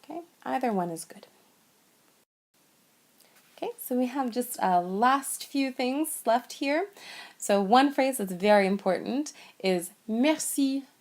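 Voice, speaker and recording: A woman walks a learner through a whiteboard lesson at an unhurried, deliberate pace. Her voice carries some vocal fry as she patiently repeats each phrase, pausing between words. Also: fairly high pitch, lively intonation, a little mellow. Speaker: French teacher.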